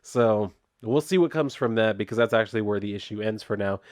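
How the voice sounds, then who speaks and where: A man's voice: fairly low pitch, fairly quick, darkish tone, no echo, studio quality. A man casually reviewing a comic book, retelling it in a loose, chatty way with lots of "like". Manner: chatty, laid-back, heavy use of "like", loose retelling.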